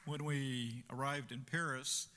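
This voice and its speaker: A man preaching a sermon and telling a personal story in a conversational way, with fillers and quick asides. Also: medium pitch, steady tone, sharp tone, a little hiss or hum. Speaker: pastor. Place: church sanctuary. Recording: reverberant church hall.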